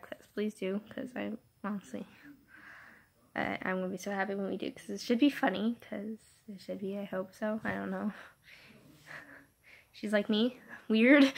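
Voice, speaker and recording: Giggly hoarse teen girl rambling. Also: medium pitch, steady tone, moderate pace, pauses often. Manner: rambling, giggly, apologetic, many fillers. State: hoarse, sore throat. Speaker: YouTuber. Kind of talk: casual vlog chat. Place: bedroom. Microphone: phone camera held vertically.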